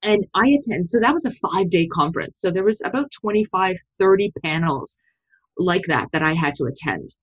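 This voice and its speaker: A middle-aged woman, a sociology professor, telling a story in a podcast interview, with big jumps in pitch when she quotes herself. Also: brisk, slightly rough. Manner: animated storytelling, pitch leaps when quoting.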